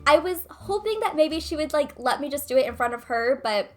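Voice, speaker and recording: High-pitched and animated, her voice moves a little fast. The young gaming vlogger recounts something that happened to her, chatting casually and leaning heavily on fillers.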